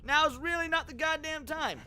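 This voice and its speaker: High, bright-voiced excitable gaming streamer man. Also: moderate pace, slight background noise. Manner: excitable, frustrated, profane banter with chat. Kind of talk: casual gaming commentary.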